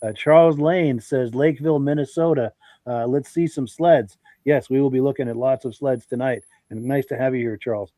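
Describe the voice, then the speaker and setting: A man with a stuffy, congested voice hosts a live podcast, reading out viewer comments and greeting each person by name in a friendly, folksy way. His pitch sits in an ordinary middle range. The sound is dry and close, with almost no room echo. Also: a little fast, mellow. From Vermont. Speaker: podcast host.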